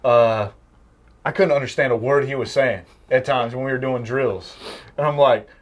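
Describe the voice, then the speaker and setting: A young man from the Midwest tells firehouse stories in a relaxed podcast chat. His voice sits in an ordinary middle pitch, and he breaks into laughter often as he talks. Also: normal speed. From American Midwest. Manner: anecdotal storyteller, laughs often. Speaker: firefighter. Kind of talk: casual podcast conversation.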